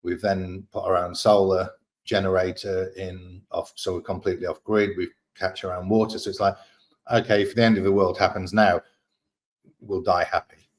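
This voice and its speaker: An Australian man chatting as a guest, relaxed and candid, swearing freely as he tells stories. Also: low-pitched, normal speed. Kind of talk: casual storytelling chat.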